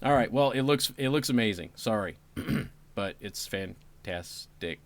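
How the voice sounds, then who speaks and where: Sarcastic talk show host. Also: male voice, on the low side, lively intonation, unhurried. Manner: sarcastic, apologetic asides, breaks into laughter. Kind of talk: casual livestream commentary.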